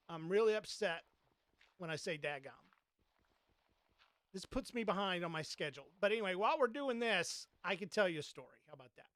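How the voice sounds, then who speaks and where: A man from Georgia, USA, with a Southern Georgia accent hosts a podcast, chatting folksily through casual gameplay commentary and a story, dropping mild oaths. His voice sits on the high side with a fairly bright, smooth tone, and the recording is dry.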